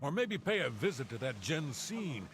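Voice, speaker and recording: An actor voicing a gruff, impatient male smuggler who talks in curt, bossy orders. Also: mid-range voice, sing-song, moderate pace, a bit bright, faint music behind. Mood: curt, menacing.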